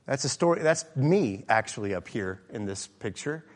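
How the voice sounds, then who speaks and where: A middle-aged pastor preaching an earnest sermon, often pausing with fillers and restarts. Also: male voice, medium pitch, animated. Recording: hall reverb.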